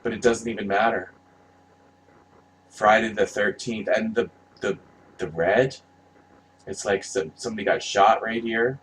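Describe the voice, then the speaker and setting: A man's voice: on the low side, steady tone, unhurried, long pauses, slight background noise, rough recording. A man giving casual, rambling commentary, passionate and profane, often restarting his sentences. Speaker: vlogger reviewing movie posters.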